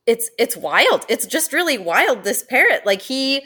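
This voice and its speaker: A woman who manages zoo education, guesting on a podcast, talking in a lively way and laughing often. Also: fairly high pitch, a little slow, husky. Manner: animated and chatty, laughs often, uses many fillers. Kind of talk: casual podcast interview.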